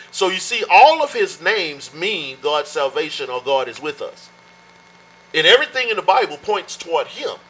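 Guy preaching, kinda high voice, drags words out slow to make a point. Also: slightly rough, poor audio. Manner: teaching, animated with sudden slow emphatic stretches. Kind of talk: sermon.

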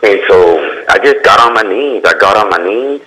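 A man sharing an earnest, emotional personal testimony in conversation, halting and restarting as he speaks. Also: fairly low pitch, expressive, bright, forceful tone, breathy edge, low-quality recording.

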